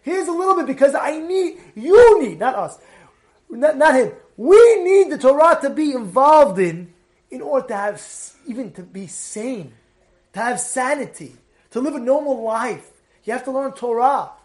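A man teaching a Torah class, telling stories in an animated way and acting out the people in them. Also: very high voice, normal speed. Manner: animated storytelling, acts out quoted voices.

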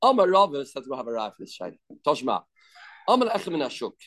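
A man's voice: mid-range voice, big pitch swings, fast, a bit bright. A man teaching a daily Talmud class, explaining step by step, putting questions and answering them himself. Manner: mixes English with Hebrew and Aramaic terms.

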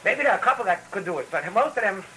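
A man's voice: sits high, very animated, rapid-fire, bright, forceful tone, slight background noise, rough recording. A man with giving a rambling, storytelling Torah talk, full of restarts and phrases. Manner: rambling, repetitive restarts, mixes in Yiddish phrases.

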